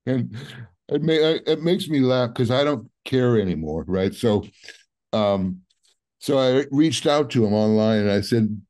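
A man in his seventies, a guest musician chatting casually in an interview, rambling along with lots of "you know" and soft laughs. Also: mid-range voice, animated, a little slow. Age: 70s.

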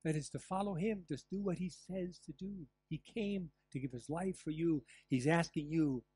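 An older man preaching a sermon as pastor, telling stories with lively asides and the odd laugh. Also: a little high, moderate pace. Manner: animated storytelling with asides and laughs. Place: church.

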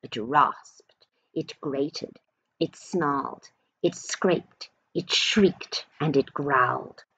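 A woman, possibly a teacher, reading a storybook aloud to children slowly and expressively, with dramatic emphasis. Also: low voice, fairly bright tone, husky, rough recording.

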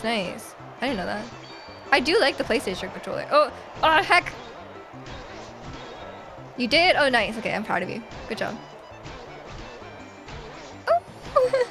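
A high-pitched woman streams a game live, cheering and laughing as she plays. She's excitable, reads chat messages aloud, and laughs often, with faint game music behind her voice.

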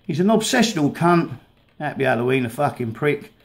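A vlogger ranting angrily while playing clips of videos, swearing heavily and stumbling over repeated words. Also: male voice, a little high, very animated, vocal fry. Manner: swears heavily, halting and repetitive. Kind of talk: angry rant over played videos.

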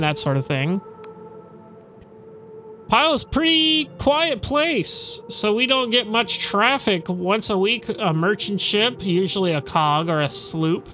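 A man's voice: high-pitched, pushed and bright, exaggerated voice. A man reading out a brusque, weary female harbor guild clerk from a game, grumbling wryly. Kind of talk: reading game dialogue aloud.

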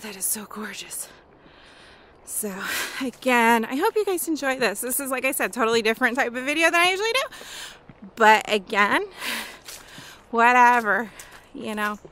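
A woman's voice: fairly high pitch, fairly bright tone, rough recording. A chatty woman from Wisconsin, out of breath as she walks and records a casual vlog on an outdoor trail with a handheld camera, gushing about the scenery. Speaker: vlogger. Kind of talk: casual walk-and-talk vlog. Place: outdoors on a windy rural trail. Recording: wind noise on the mic.

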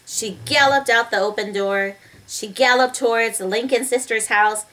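A woman's voice: on the high side, normal speed. A woman reading a children's story aloud, talking to her young listeners as friends. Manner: warm, expressive, addresses listeners as friends.

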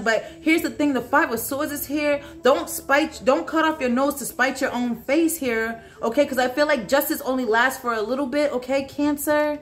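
A woman doing a solo tarot reading, talking straight to the viewer in a halting, repetitive way, often swearing and asking aloud for cards. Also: sits high, fairly bright tone. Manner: blunt and profane, talks straight to the viewer; halting, repeats herself, asks aloud for cards. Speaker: tarot reader.

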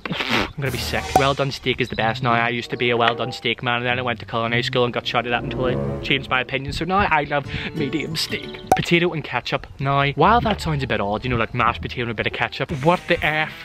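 A man's voice: mid-range voice, fast, few pauses. A young man talking in a casual vlog, giving playful, exaggerated rants full of jokes. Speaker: vlogger. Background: background music.

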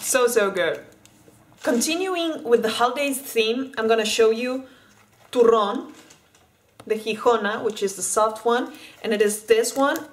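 A woman's voice: fairly high pitch, a little hiss or hum, rough recording. A woman from Spain in a casual vlog, chatting and eating as she tries candy, often restarting her words. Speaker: vlogger.

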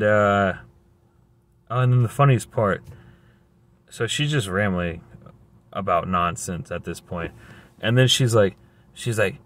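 A man's voice: low-pitched, a bit bright. A man telling a story in a casual, rambling, exasperated way, full of slang. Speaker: vlogger.

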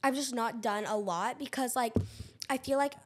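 High-voiced teen girl, teasing podcast chat. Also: moderate pace. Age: teens. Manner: chatty, teasing, laughs often. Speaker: podcast co-host. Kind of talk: casual chat.

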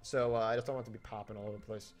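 A young man giving jokey, animated commentary as he plays a video game, talking to the game and to his viewers, a little tipsy. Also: on the low side, very fast, soft background music. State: tipsy from drinking. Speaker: gaming YouTuber. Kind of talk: let's play commentary. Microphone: desktop mic without pop filter.

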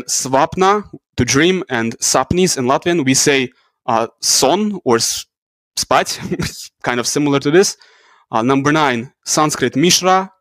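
A man whose first language is Russian gives a casual educational talk as a YouTube channel host, with a mid-range, slightly bright voice and no room sound. He explains things with asides and corrects himself along the way.

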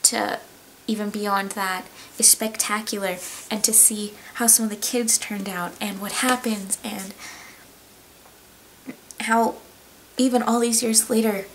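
A woman's voice: medium pitch, fairly even intonation, slight background noise, rough recording. Earnest woman gushing over a book. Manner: earnest and gushing, halting restarts. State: tearful, voice breaking. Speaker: book vlogger. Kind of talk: casual book review vlog.

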